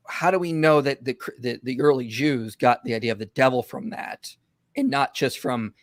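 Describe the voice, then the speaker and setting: An animated male host runs a livestream commentary and rushes ahead in quick bursts, with plenty of fillers along the way. His voice sits at a middling pitch. The sound is close and dry. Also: dry recording.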